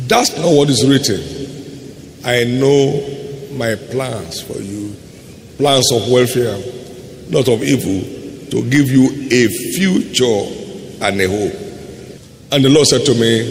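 A gravelly-voiced older pastor preaching in a large, echoing church hall with long reverb. His delivery swings from booming, high declarations to low, hushed phrases and slowed-down emphasis, over a faint hum of room ambience. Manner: preaching with dramatic swings in pitch and loudness, drawn-out emphatic phrases. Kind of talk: sermon.

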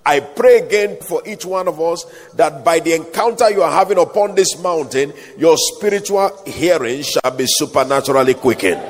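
A man's voice: fairly high pitch, expressive, moderate pace, few pauses, slight background noise. A man preaching a sermon, reciting scripture and calling the congregation to answer back. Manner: dramatic, call-and-response preaching with scripture recitation. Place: large hall or outdoor gathering. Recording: echoey hall reverb.

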